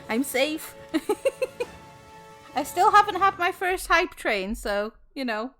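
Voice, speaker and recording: A woman's voice: very high-pitched, very animated, very slow, fairly bright tone, soft background music. A young woman streaming live, casually chatting and effusively thanking her viewers, often exclaiming in shock.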